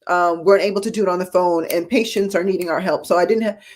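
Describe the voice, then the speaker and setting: Emotional nurse host, casual and earnest. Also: female voice, on the low side, fairly even intonation, fast talker, darkish tone. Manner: emotional, chokes up telling hospital stories; casual, addresses viewers as y'all. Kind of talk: live-streamed talk show.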